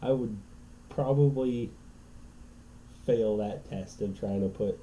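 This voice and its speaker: A man's voice: on the low side, takes it slowly, dark tone, a little hiss or hum, low-quality recording. A man co-hosting a podcast, telling a rambling story in casual chat and checking in with "right?" as he goes. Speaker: podcast co-host.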